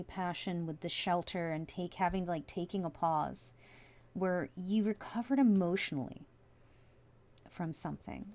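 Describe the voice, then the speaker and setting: With a medium-pitched, darkish voice, a woman does an informal tarot reading at home. She thinks out loud over each card she flips, chatty and peppering her speech with likes and you-knows.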